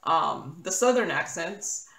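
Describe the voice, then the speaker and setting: A woman from the US chats casually while she works on a craft project, wandering off topic and correcting herself often. She talks slowly, in a mid-pitched voice. The room is echoey, with a faint hiss behind her. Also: animated, creaky, fairly bright tone. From United States. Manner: rambling, filler-heavy, self-correcting. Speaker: crafting YouTuber.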